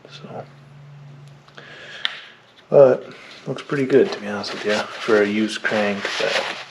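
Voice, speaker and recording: A young man with a lowish voice talks slowly through an engine rebuild, thinking out loud as he goes. Clanking tools and shop noise sit clearly behind him. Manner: thinks aloud while working, plain-spoken and relaxed. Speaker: mechanic rebuilding a diesel engine. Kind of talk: hands-on how-to narration.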